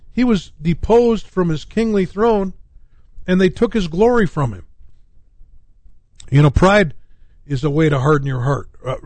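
A man's voice: on the high side, darkish tone, no echo. Rambling male pastor, dry close sound. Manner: rambling, many fillers and restarts. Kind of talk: radio talk-show sermon.

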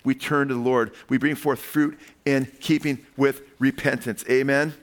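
A man preaching a sermon as pastor, animated, calling "amen?" to the congregation and acting out voices as he tells stories. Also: medium pitch, moderate pace. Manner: acts out quoted voices in storytelling.

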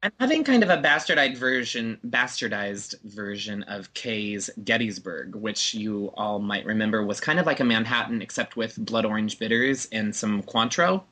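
A man's voice: lowish voice, expressive, moderate pace, hardly any pauses, pushed and bright. A man co-hosting a podcast, chatting casually and joking around. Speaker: podcast co-host. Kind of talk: casual chat. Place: Chicago.

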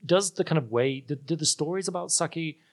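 A man's voice: on the high side, normal speed. A man hosting an interview, asking questions in an eager, reassuring way. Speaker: podcast host.

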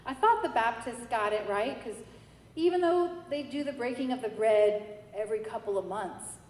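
A woman from New York giving a personal faith testimony, telling her story with animated quoted voices. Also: fairly high pitch. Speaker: testimony speaker. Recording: echoey hall with light noise.

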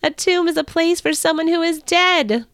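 A woman voicing a joyful, radiant male angel who speaks in a gentle, slow and reassuring way. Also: very high voice, no room sound, clean studio sound, pitched above the performer's own voice.

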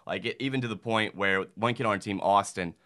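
A man's voice: on the low side, a little fast, sharp tone. A man in his thirties from Mississippi, a podcast guest chatting casually and earnestly, with many fillers like "like". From Mississippi, USA. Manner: earnest, rambling, heavy use of "like". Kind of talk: casual chat.

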